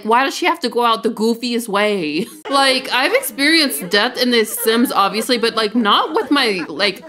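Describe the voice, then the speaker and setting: A woman hosting a let's play, giving casual, excitable game commentary and laughing often. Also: high-pitched.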